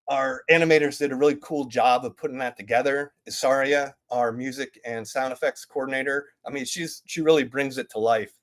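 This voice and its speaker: A man in his thirties casually presenting game updates at a community town hall, rambling with lots of fillers and restarts. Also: medium pitch.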